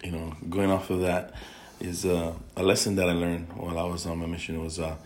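A man's voice: sits low, completely flat delivery, fairly quick, slight background noise. A man chatting earnestly with his wife on a podcast recorded on a phone, laid back as he explains a lesson. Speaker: podcast co-host. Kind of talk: casual chat.

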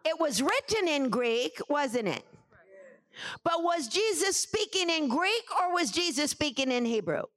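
A woman pastor teaching scripture in a sermon, calling for responses from the congregation with emphatic repetition and rising into shouted preaching. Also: high voice, big pitch swings, a little slow, no room sound. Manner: rises to shouted preaching at climaxes.

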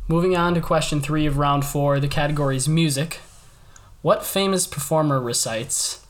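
A man hosting a casual trivia game, reading out each question slowly and repeating it. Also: fairly high pitch. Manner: reads questions twice, slowly and deliberately.

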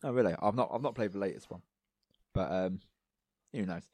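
A man co-hosting a casual podcast chat, rambling with lots of fillers and going a little hoarse. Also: low voice, brisk, darkish tone, dry recording. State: losing his voice, coughing. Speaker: podcast co-host.

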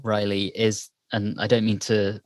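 A man's voice: fairly low pitch, little pitch movement, a little slow, no echo, clean studio sound. A man from Britain co-hosting a podcast, chatting casually in a thoughtful, digressive way. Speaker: podcast co-host and editor. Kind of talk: casual chat.

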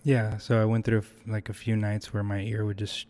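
A man's voice: on the low side, completely flat delivery, fairly quick, darkish tone. A young man talking as a podcast guest, reflective and hesitant, often restarting his sentences. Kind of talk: casual conversational interview.

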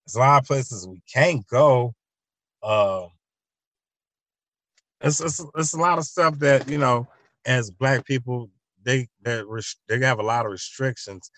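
A man's voice: medium pitch, measured pace, pauses often, fairly bright tone, dry recording. A man hosting a show, telling a loose, repetitive comic monologue and acting out both sides of imagined conversations. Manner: loose, repetitive storytelling with many restarts. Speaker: show host.

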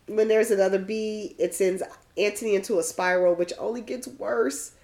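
A woman's voice: medium pitch, steady tone, moderate pace, a little mellow. A woman co-hosting a podcast, recapping casually and laughing often. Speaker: podcast co-host. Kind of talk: casual chat.

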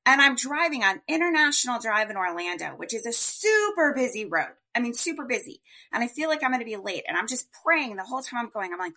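A woman telling her story as a guest in a podcast interview, chatty and animated, with many fillers. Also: fairly high pitch, fast talker, few pauses.

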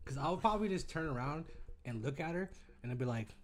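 Brief: male podcast co-host, slightly high voice, very animated pitch, profane and joking, casual banter. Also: a little fast. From California.

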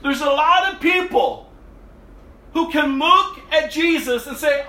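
A man's voice: extremely high pitch, animated, slow, bright, forceful tone. A man preaching a sermon, reading scripture and then explaining it with emphatic repetition of key words. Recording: echoey room.

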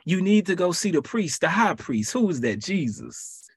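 A man leading a podcast Bible study who preaches in a lively, colloquial way and repeats his phrases for emphasis. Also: high-pitched, normal speed, husky, no room sound, studio quality.

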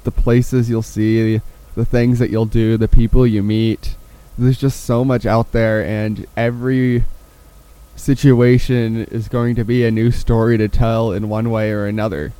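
A man's voice: mid-range voice, little pitch movement, a little slow, dark tone, smooth, low-quality recording. A man hosting a podcast, talking in an earnest, reflective way in casual chat. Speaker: podcast host.

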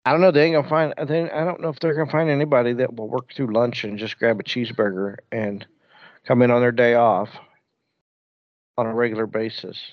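A man who drives a bus, chatting casually and telling stories with jokes and lively quoted asides. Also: medium pitch, a little fast, no echo, muffled recording. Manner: joking, animated storytelling. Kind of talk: casual chat.

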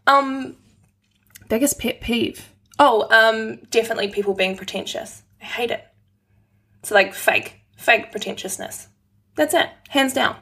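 A woman's voice: on the high side, unhurried, long pauses, sharp tone. A woman, a giggly, self-deprecating podcast guest in casual chat.

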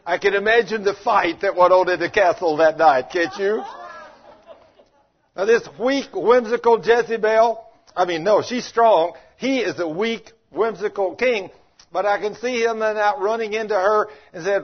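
A folksy male preacher with a high, husky voice who keeps turning to his listeners with questions. The recording is dull and lo-fi. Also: normal speed. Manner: folksy, conversational, asks the congregation questions. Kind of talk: sermon.

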